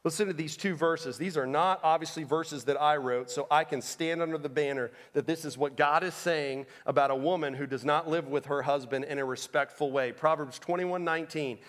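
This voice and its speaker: Male pastor, sermon delivery, high pitch, dynamic from shouted to hushed, church reverb. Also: fairly even intonation, fairly quick, hardly any pauses. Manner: dynamic preaching, swings from loud emphatic to soft and low. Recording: long reverb of a large hall.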